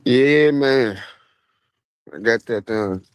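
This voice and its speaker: A young man telling stories in a relaxed, slang-heavy monologue, speaking outdoors at a graveside. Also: mid-range voice, drawn-out words, smooth, no echo. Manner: relaxed, slangy street talk with many fillers. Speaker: vlogger. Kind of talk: casual storytelling monologue.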